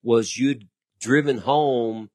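A middle-aged man talking casually as a podcast guest, relaxed, often breaking in to correct details. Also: mid-range voice, slow, no echo. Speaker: guest, the host's father. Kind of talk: casual conversation.

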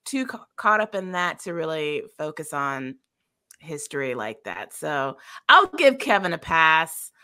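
A woman with a lowish voice and a bright, forceful edge gives emphatic opinions in casual podcast talk. She repeats points for stress and pads her thoughts with "um" and "uh". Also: big pitch swings, measured pace. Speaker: podcast co-host.

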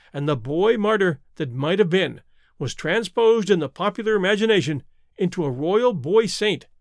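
A male narrator reading a story in lively, expressive audiobook style. His voice is fairly high and swings widely in pitch. The recording is dry and close. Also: no echo.

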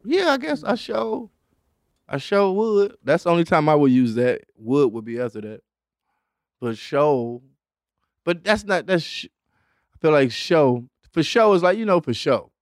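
Animated high-voiced man riffing on a podcast. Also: moderate pace, no room sound, clean studio sound. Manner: animated, laughs often, slips into exaggerated voices for quotes. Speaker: podcast host. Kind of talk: casual comedic chat.

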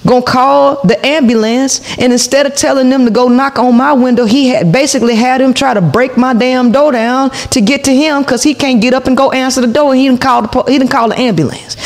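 A woman in her forties, hosting a podcast, tells a heated story to her viewers, profane and full of asides to the audience. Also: high-pitched. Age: 40s. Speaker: podcast host.

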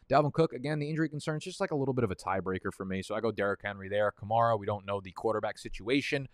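A man's voice: on the low side, no echo, clean studio sound. A young man casually chatting and rambling, profane and prone to tangents, while hosting a fantasy football draft stream. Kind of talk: casual livestream chat.

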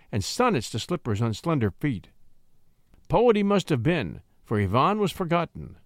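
A man narrating a classic short story in a theatrical, expressive reading. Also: a little high, no room sound, studio quality.

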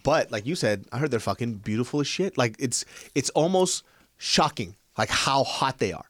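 A man's voice: mid-range voice, normal speed, no room sound. Man, laid-back podcast banter, swears a lot, dry close mic. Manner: relaxed, swears freely, retells anecdotes. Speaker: podcast co-host. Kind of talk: casual chat.

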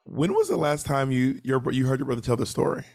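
Gravelly-voiced male podcast host. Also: mid-range voice, fast, darkish tone, no echo. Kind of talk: interviewing a guest.

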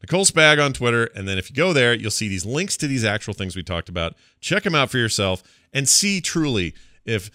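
A man's voice: medium pitch, a little fast, no echo, studio quality. A man co-hosting a podcast in casual, joking chat. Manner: animated, chatty, joking. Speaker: podcast co-host.

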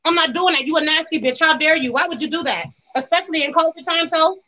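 A woman's voice: high voice, fast talker, sharp tone, poor audio. A woman with calling in to a gossip show, ranting about celebrities in a brash, crude, insulting way. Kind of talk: profane celebrity gossip rant.

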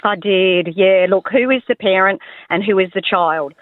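A woman's voice: mid-range voice, normal speed, dry recording. A woman calling a radio show, giving a firm opinion on parenting. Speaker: caller. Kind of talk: phone-in opinion. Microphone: telephone. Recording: tinny phone line.

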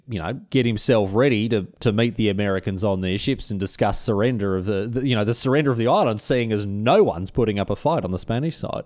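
A man's voice: lowish voice, dry recording, studio quality. A man with an Australian accent telling a history story in a casual, conversational way. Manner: animated, conversational, with restarts. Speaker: history podcast host.

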